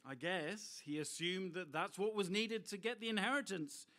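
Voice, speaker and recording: Middle-aged male preacher, slightly high pitch, expressive sermon delivery with asides to the audience. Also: moderate pace.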